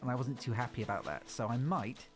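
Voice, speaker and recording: A man's voice: mid-range voice, fast, soft background music. A man streaming a video game, chatting casually and rambling as he plays. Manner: chatty, rambling, self-interrupting. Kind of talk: casual gameplay commentary.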